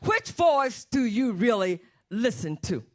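A woman's voice: fairly high pitch, big pitch swings, takes it slowly. A woman preaching a fervent sermon and calling on the Holy Spirit as she speaks.

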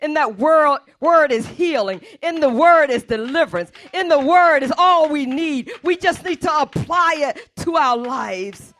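A woman's voice: high-pitched, lively intonation, measured pace, few pauses. A woman pastor preaching an impassioned sermon in church, repeating her point with force. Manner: impassioned, repetitive preaching, often shouting.

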